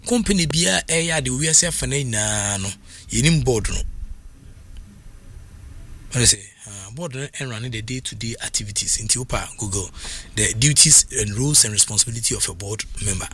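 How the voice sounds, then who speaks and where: Ghanaian man, sports radio host, bright and husky, rambling talk. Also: on the low side. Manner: animated, rambling, many fillers. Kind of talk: casual talk commentary.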